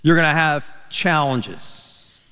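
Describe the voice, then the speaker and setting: A pastor preaching a sermon, telling stories with animated, emphatic delivery. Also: male voice, on the high side, takes it slowly, clear, resonant tone. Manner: animated storytelling, rising to emphatic peaks. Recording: reverberant church hall.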